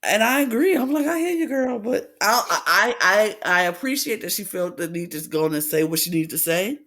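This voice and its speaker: A man co-hosting a podcast, chatting casually as he recaps a reality show and acts out quotes in lively voices. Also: normal speed. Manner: animated retelling, acts out quotes with big pitch swings. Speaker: podcast co-host.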